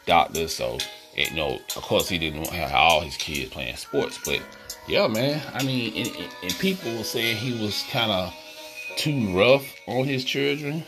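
A man's voice: lowish voice, animated, measured pace, music in the background. A man hosting a podcast, chatting casually and slangily about a movie he watched, talking straight to his listeners. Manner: laid-back, slangy, talks to listeners as y'all. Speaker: podcast host. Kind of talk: casual movie review chat.

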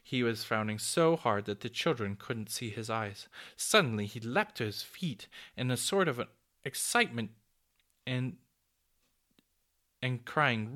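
A man reads a children's storybook aloud with a mid-pitched voice. His delivery is expressive, his intonation moving widely up and down through the sentences. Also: unhurried. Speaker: narrator.

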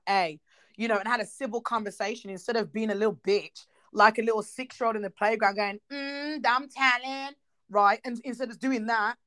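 A woman with a British accent talking bluntly and emphatically in a casual chat. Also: on the high side. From United Kingdom.

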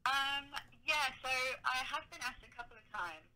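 A woman's voice: high voice, animated, moderate pace, background noise. A British woman chatting frankly as a podcast guest, hedging her words with 'like'. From United Kingdom. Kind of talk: casual interview chat.

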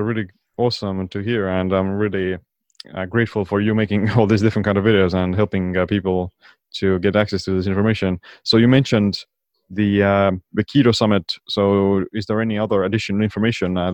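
A man's voice: on the low side, flat delivery, brisk, darkish tone, dry recording, lo-fi sound. A man hosting an interview, easygoing, with lots of "like" and "uh" as he goes. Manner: easygoing, hedging with "like" and "uh". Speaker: podcast host.

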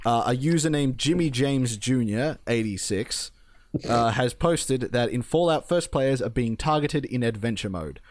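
A man's voice: medium pitch, lively intonation, a little slow, dry recording. A man co-hosting a casual gaming podcast, passing on news with wry, crude jokes. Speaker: podcast co-host.

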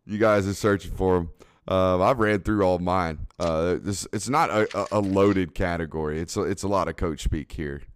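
Male podcast host, deep and smooth, easygoing and filler-heavy, dry close recording. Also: moderate pace, dry recording. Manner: laid-back, filler-heavy, laughs often. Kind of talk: casual chat.

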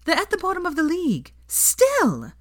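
A woman reading a fan story aloud, voicing a quick-witted young woman who sounds tearful yet teasing. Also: very high voice, wildly swooping pitch, a bit bright, voice pushed up, exaggerated voice.

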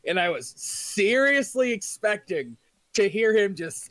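A man's voice: high-pitched, very animated, unhurried, a bit bright, dry recording. Dry-sounding man hosting a casual chat. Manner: jokey, teasing interjections. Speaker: podcast host.

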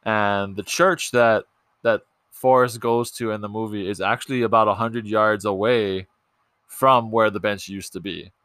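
A man's voice: lowish voice, steady tone, measured pace, a bit bright, clean tone, dry recording. A young man hosting a casual movie podcast, chatty and loose, with lots of ums and restarts. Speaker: podcast host.

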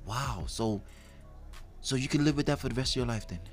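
A man's voice: medium pitch, fairly quick, faint music behind. Emphatic, slangy male co-host. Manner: emphatic, slangy, fires rhetorical questions. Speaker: advice show co-host. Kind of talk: casual on-air chat.

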